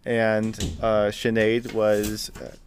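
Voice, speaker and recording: A man's voice: on the low side, completely flat delivery, slow, slight background noise. A young man narrating a tabletop role-playing game as game master, laughing often and talking with many fillers.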